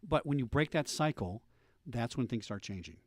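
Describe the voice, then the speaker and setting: A middle-aged man hosting a radio talk show, telling police stories with lively animated delivery. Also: medium pitch, normal speed, no echo, studio quality. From United States. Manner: animated storyteller, acts out voices in anecdotes.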